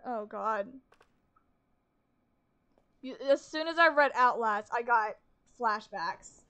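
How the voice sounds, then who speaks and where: A woman's voice: fairly high pitch, animated, slow pace, pushed and bright, smooth. A woman streamer giving casual gameplay commentary, talking to herself in a chatty, wry and sarcastic way.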